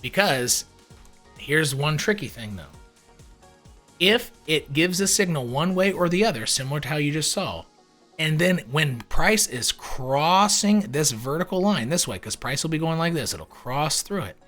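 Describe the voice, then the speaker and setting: A man giving casual screen-share commentary on crypto charts, animated and wry, with mock-panicked asides and casual swearing. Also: on the high side, a little slow, soft background music.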